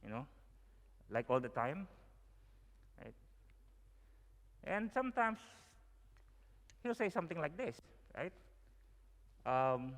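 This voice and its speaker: A man's voice: fairly high pitch, very animated, slow pace, long pauses. A young Filipino man with a Filipino accent, giving a chatty sermon full of fillers and "you know". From Philippines. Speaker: guest preacher. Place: church hall. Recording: long hall reverb.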